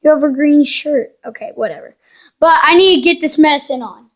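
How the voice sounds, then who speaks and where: A woman's high voice moves along at a fairly quick clip. She hosts a gaming channel and is commenting casually while she plays, cheekily ribbing the characters on screen in a playful let's-play.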